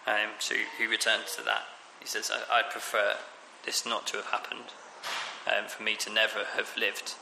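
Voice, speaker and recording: A man's voice: on the low side, completely flat delivery, normal speed, gravelly, background noise. A man preaching a conversational sermon on scripture, with frequent fillers and restarts. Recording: echoey hall with long reverb.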